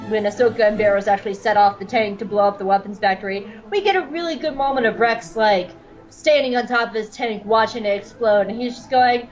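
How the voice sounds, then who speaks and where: A woman's voice: a little high, a little fast, muffled recording, soft background music. A woman giving a rambling, giggly comic recap, swearing freely and acting out characters' lines as she goes. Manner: rambling, giggly, profane storytelling. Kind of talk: comedic recap with quoted character voices.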